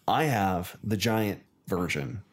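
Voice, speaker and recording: A man from the United States, co-hosting a casual chat, chatty and quick to laugh. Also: low-pitched, animated. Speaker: co-host.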